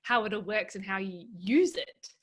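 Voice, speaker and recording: A woman's voice: medium pitch, expressive, moderate pace. A woman hosting an interview, speaking hesitantly with many fillers and agreeing with her guest. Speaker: interview host. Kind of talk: casual interview chat.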